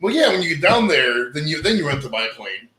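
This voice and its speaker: A man's voice: fairly high pitch, big pitch swings, a little fast, pushed and bright. A man in his forties hosting a casual, joking podcast chat, rambling on. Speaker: podcast host. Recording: echoey room.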